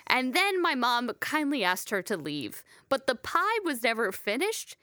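A woman's voice: high-pitched, measured pace, no echo, clean studio sound. A young woman co-hosting a podcast, telling funny stories in a casual, laughing way. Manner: storytelling, laughing, animated. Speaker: podcast co-host. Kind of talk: casual chat.

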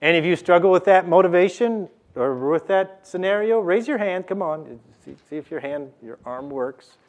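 A male pastor preaching a sermon in a church, slow and emphatic, repeating key phrases for the congregation. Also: high-pitched.

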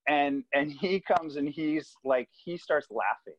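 A man's voice: fairly high pitch, a little slow, no room sound. A man, a podcast co-host, telling a story in casual chat and acting out the voices of the people in it. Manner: animated, acts out kids' voices while telling a story. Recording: dry, slightly dull sound.

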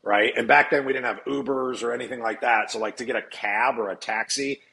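A man's voice: medium pitch, steady tone, a little fast, creaky, bright, forceful tone, poor audio. A man from Nebraska telling his recovery story as a podcast guest, candid, blunt and profane.

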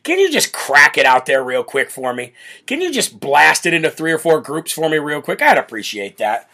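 A man hosting a live political talk show, brash and loud, often breaking into laughter. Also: on the high side, big pitch swings, moderate pace. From United States. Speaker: show host.

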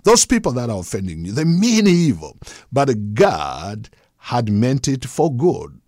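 A man's voice: medium pitch, wildly swooping pitch, measured pace, darkish tone, dry recording, clean studio sound. A man delivering a sermon in an emphatic preaching cadence, unscripted and full of fervor.

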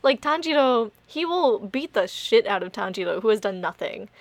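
A young woman co-hosts a casual podcast, her voice a bit high and recorded close and dry. She talks in animated bursts, swears freely and laughs often. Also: normal speed, no room sound. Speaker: podcast co-host. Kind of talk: casual chat.

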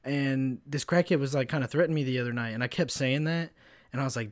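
A man's voice: mid-range voice, quick pace, dry recording, studio quality. Profane tired young man venting. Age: 20s. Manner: profane, venting, animated storytelling. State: tired after work. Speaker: podcast host. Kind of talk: casual solo podcast rant.

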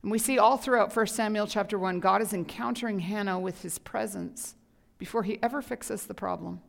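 A woman's voice: medium pitch, steady tone, a little fast, creaky. Impassioned woman preaching in reverberant hall. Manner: impassioned, swings from whispers to loud emphasis. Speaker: pastor. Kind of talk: sermon.

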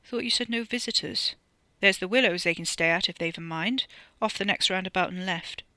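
A narrator voicing Ricky, a gruff, protective working-class man with blunt, ungrammatical speech. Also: mid-range voice, a little fast, sharp tone, no echo.

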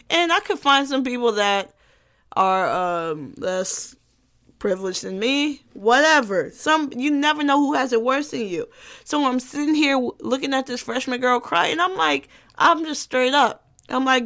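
A young woman hosts her own podcast alone, with a fairly high voice. She speaks bluntly and emphatically, swearing freely. She tells her stories with animated energy. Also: moderate pace. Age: young adult. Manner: animated storytelling. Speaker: podcast host. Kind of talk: casual solo podcast monologue.

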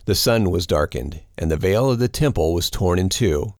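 A man reads scripture aloud in a steady, measured audiobook narration. His voice sits low and deep. The sound is dry and close, with no room around it. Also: dry recording.

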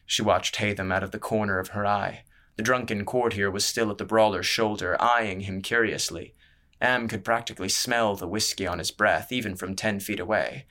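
A man narrates a fantasy audiobook with a steady, descriptive delivery. His voice sits a little low and carries a bright, forceful edge. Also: moderate pace. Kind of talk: scripted narration.

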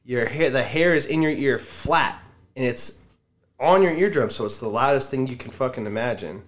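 A man's voice: medium pitch, normal speed. A man telling a story in casual chat, acting out what people said, with a lot of swearing. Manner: animated, swears a lot, acts out quotes.

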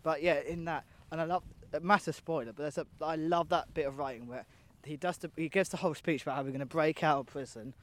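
A young man with a slightly higher voice talks in a loose, rambling way. He swears freely and often drops his sentences halfway through to start new ones. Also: quick pace. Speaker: podcast co-host. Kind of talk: casual chat.

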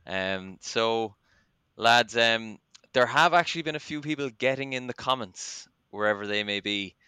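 Bright, clear-voiced Irish man hosting. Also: mid-range voice, expressive, normal speed, dry recording. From Ireland. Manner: chatty and self-deprecating, lots of ums. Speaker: podcast host. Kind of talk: casual podcast chat.

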